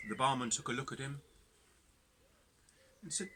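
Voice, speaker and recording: A man's voice: medium pitch, quick pace, long pauses. A man leading cub scouts through activities in a casual instructional video, chatty and self-deprecating. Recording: background noise.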